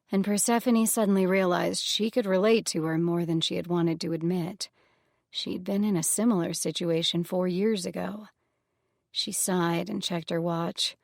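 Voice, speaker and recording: A woman reads a fantasy audiobook in a measured, even voice with a gravelly, fry-laced texture. The sound is close-miked and completely dry, with no room around it. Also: on the low side, no room sound. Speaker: audiobook narrator. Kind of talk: scripted fantasy audiobook narration.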